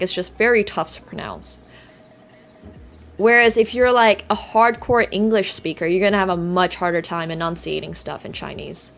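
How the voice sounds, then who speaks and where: A woman chess streamer chatting casually with her live viewers, leaning on "like" and laughing easily. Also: mid-range voice.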